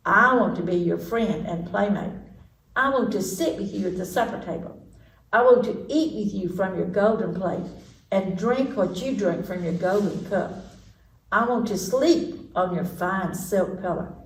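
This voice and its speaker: Woman doing a squeaky pushy frog. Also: unhurried, close to an everyday voice. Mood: earnest. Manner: squeaky, insistent calls. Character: small pushy male frog, squeaky and wheedling. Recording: echoey room, distant mic.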